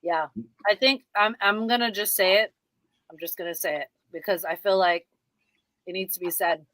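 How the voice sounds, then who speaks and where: A woman's voice: medium pitch, steady tone, normal speed, a bit bright, dry recording. A woman co-hosting a casual livestream, chatty and playful. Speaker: radio co-host.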